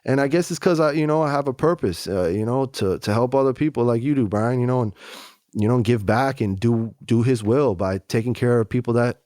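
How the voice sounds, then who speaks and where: A man telling his story in a candid, animated conversational way, often slipping in "you know" and "man". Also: medium pitch, a little fast, dry recording, studio quality. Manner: animated, acts out other voices, frequent "you know" and "man". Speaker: guest.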